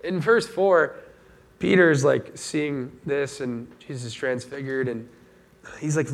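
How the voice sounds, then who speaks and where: A pastor delivers a casual sermon, speaking conversationally and with animation as he acts out the voices of the people he quotes. His voice is medium-pitched and his delivery brisk.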